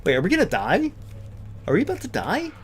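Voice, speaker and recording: A man's voice: sits high, huge pitch swings, fairly quick, faint music behind. A man casually commentating a video game with a co-host, playful and sarcastic, sometimes reading game text aloud. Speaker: let's play commentator.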